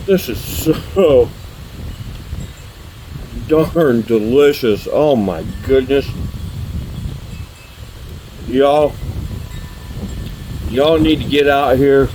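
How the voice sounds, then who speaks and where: A man's voice: mid-range voice, warm tone, slight background noise, low-quality recording. A man who runs a grill shop, tasting his own cooking in a casual demo and exclaiming with delight while he chews. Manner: enthusiastic, drawn-out exclamations of delight; talks while chewing.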